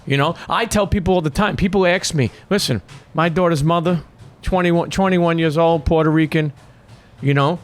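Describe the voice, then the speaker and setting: A man's voice: a little high, moderate pace. A man hosting an interview, earnest and supportive, cutting in with repeated calls to listen. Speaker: podcast host. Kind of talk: casual interview talk.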